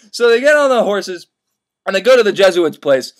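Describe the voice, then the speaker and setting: High-voiced young man, profane and excitable. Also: moderate pace. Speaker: host. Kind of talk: comedic story retelling.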